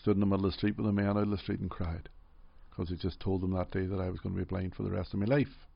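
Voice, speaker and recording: Middle-aged Derry man, low gravelly voice, calm reflective storyteller, dry muffled sound. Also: fast talker, no echo. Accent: Derry, Northern Irish. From Northern Ireland. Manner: gentle, reflective, frequent "you know". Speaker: interview guest. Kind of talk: personal storytelling in an interview.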